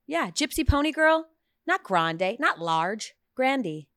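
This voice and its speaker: A woman's voice: high-pitched, slow pace, dry recording, studio quality. A woman from the United States hosting a casual show, telling stories with playful impressions. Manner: animated storyteller, playful impressions. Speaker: host. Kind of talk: casual chat.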